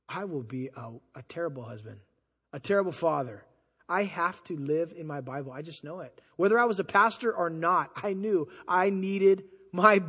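A man preaching a sermon as pastor, conversational and animated, acting out the people he quotes. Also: high voice, slightly rough. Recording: long hall reverb.

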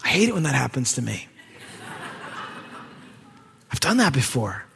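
A male pastor preaching a sermon in a church, conversational, swinging from quiet asides to raised emphasis. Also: mid-range voice, very animated, normal speed, gravelly. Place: church sanctuary. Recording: long hall reverb.

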